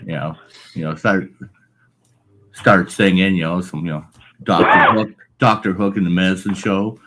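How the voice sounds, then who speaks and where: A man's voice: sits low, steady tone, normal speed, a bit bright. A man chatting casually as a guest on a live stream, rambling with lots of filler phrases into a large microphone. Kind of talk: casual chat. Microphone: large studio microphone.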